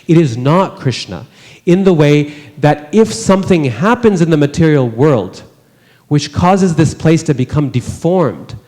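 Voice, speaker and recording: A man with a slightly high but dark-toned voice teaches scripture in a large temple hall. His style is conversational, and he frequently puts rhetorical questions to the audience.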